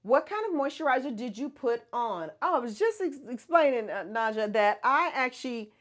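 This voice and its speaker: A woman's voice: on the high side, lively intonation, moderate pace. A woman hosting a casual livestream, chatting and answering viewer comments with frequent laughs. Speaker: host of a hair care brand livestream.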